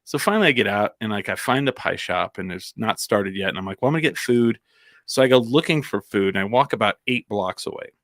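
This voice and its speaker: A man's voice: fairly low pitch, lively intonation, fast, a bit bright, dry recording, studio quality. Rambling man telling a story. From Albuquerque, New Mexico. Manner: rambling, heavy on "like" and restarts. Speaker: storyteller on a comedy podcast. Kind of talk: casual anecdote telling.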